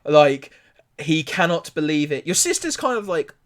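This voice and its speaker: A man narrates a tabletop game in a fairly high voice. He rambles through scenes, full of fillers and restarts. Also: big pitch swings, moderate pace, a bit bright. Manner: rambling, filler-heavy description. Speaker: game master.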